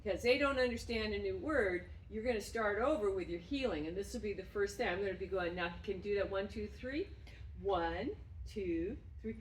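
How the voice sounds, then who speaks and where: A woman dog trainer explaining and demonstrating games with her dog, breaking into loud, effusive praise. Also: mid-range voice, fairly quick, few pauses, a little hiss or hum. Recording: roomy sound from a distance.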